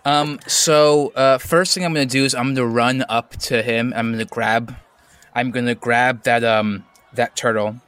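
A man playing a tabletop game in a deliberate, scheming way. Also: mid-range voice, steady tone, fairly bright tone, clean tone, no echo. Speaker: player.

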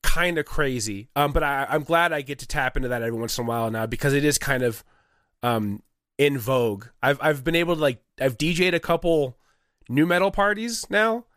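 A man in his thirties, a guest on a casual comedy podcast, who talks in a relaxed, rambling, self-mocking way. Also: mid-range voice, fairly quick, dry recording, clean studio sound. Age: 30s.

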